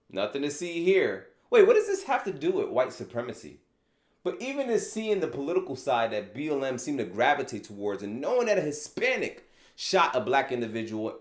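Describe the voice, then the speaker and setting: A man hosting his own opinion commentary vlog, animated and sarcastic, asking rhetorical questions. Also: medium pitch. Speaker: channel host. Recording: echoey room.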